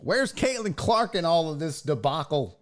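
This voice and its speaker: A man's voice: on the high side, big pitch swings, moderate pace. A man hosting a casual livestream sports talk show, swearing freely as he reads chat comments aloud and answers them.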